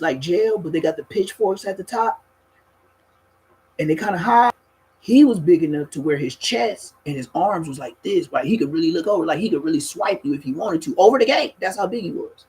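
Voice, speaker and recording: A man tells a rowdy street story in a husky, slightly raspy voice that sits a little high for a man. He talks casually and profanely. He breaks into laughter and mimics the people he describes. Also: rough recording. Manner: animated, profane, laughs mid-story, acts out other people.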